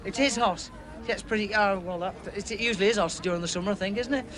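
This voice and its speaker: A high-pitched man rattles along at a breakneck pace, chatting eagerly with kids. He talks outdoors on a beach, full of quick questions and asides. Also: a crowd in the background, background noise. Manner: excitable, fast, chatty with children. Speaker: outside broadcast presenter. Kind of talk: lively live interviews on a beach.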